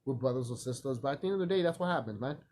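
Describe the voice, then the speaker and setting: Husky, lively-voiced man ranting. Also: mid-range voice, very fast. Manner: profane, animated, laughs often. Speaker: vlogger. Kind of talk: rambling casual monologue.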